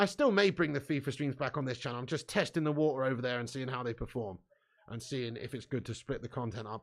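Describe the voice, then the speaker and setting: A man chats live to his viewers, reading their comments aloud as he goes. His voice sits a little high for a man, and he talks in excitable, laughing bursts, full of swearing and easy banter. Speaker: live stream host.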